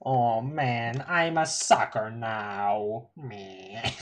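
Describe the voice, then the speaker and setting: A streamer reading a webcomic live and talking through the reactions. The talk is casual and chatty, with frequent laughter and quick asides. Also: medium pitch. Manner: chatty and giggly, reacting aloud.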